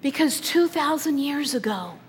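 A woman's voice: high-pitched, lively intonation, a little slow, a little hiss or hum. Woman preaching in an echoing hall. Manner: dramatic storytelling, swelling to loud and dropping to soft. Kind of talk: sermon. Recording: long reverb in a large hall.

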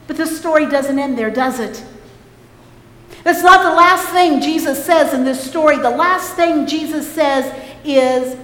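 A woman delivers a sermon in a high voice, taking her time over every phrase. Her emphatic words ring out with long reverb through a church sanctuary. She stops now and then to call on the congregation to answer. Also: fairly bright tone. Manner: slow, emphatic preaching with calls for response. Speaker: preacher. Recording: echoey church hall.

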